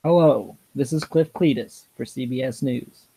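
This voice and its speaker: A man's voice: mid-range voice, normal speed, creaky, dark tone, husky, dry recording, poor audio. A man voicing a stiff male TV news anchor with a formal announcer delivery. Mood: announcing.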